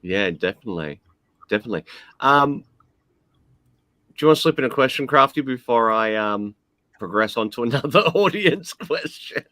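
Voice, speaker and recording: A man, co-hosting a casual podcast and briskly steering the talk to the next question. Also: medium pitch, animated, pushed and bright, dry recording. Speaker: podcast co-host.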